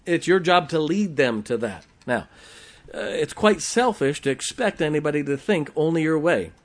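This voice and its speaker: A man's voice: fairly high pitch, expressive, moderate pace. A middle-aged man preaching a folksy sermon, often asking the congregation questions. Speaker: pastor.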